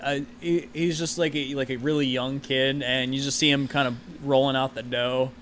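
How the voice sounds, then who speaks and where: A man's voice: mid-range voice, flat delivery, normal speed, fairly bright tone, slight background noise. A man narrating as game master of a tabletop game, rambling with many fillers.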